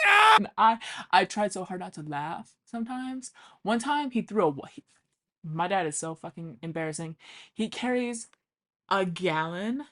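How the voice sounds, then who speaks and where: A woman's voice: on the low side, a bit bright. A young woman telling funny childhood stories in a chatty, casual way, swearing freely and acting out what people said. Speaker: vlogger. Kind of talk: casual storytelling.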